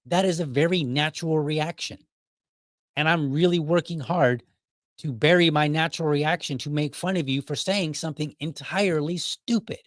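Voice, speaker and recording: A man's voice: a little high, normal speed, dry recording, studio quality. A man hosting a podcast, telling a personal story in a casual, argumentative and wry way. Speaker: podcast host.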